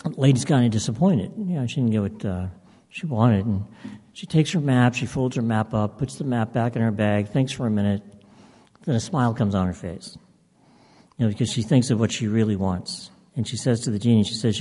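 A man's voice: medium pitch, fairly quick, mellow, breathy edge. A man casually telling a long joke, rambling with plenty of fillers. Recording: long hall reverb.

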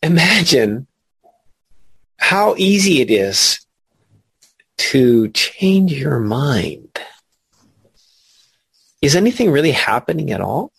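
A man leading a spiritual study class, explaining ideas in an animated way, laughing and asking questions. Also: fairly high pitch, slow pace, creaky, long pauses, husky, no echo. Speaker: spiritual teacher.

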